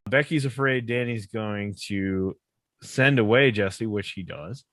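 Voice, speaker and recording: On a podcast mic, a male co-host casually recaps a sitcom episode, often laughing and acting out the characters' lines. His voice is fairly low with a fairly bright tone, his pace measured, and the recording dry.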